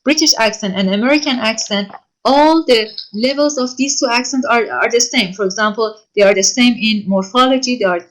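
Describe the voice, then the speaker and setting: A woman lecturer giving an online class, answering written questions from students and speaking haltingly with frequent pauses and self-corrections. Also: a little high, a bit bright. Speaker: university lecturer.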